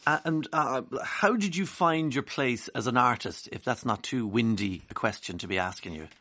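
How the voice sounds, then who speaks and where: A man hosting a radio talk show, conversational with quick asides. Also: medium pitch, bright, forceful tone. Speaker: radio host. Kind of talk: radio interview. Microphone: studio microphone.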